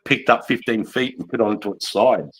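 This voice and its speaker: A man's voice: fairly low pitch, moderate pace, slightly rough, low-quality recording. A man in his forties with an Australian accent, an army veteran telling war stories in casual chat, rambling and swearing constantly with plenty of "mate" and "bro". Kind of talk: casual storytelling.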